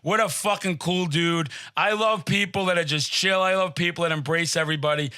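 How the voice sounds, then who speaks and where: A man hosting a podcast, telling profane comedic stories in a brash, boastful way, often yelling. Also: fairly high pitch, brisk, clear, resonant tone. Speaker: podcast host.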